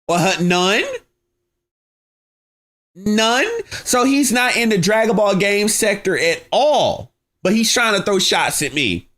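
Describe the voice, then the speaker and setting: High-voiced combative male streamer. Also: animated, measured pace. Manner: combative, mocking, slangy, rising into shouting. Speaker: livestream host. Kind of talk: heated livestream rant.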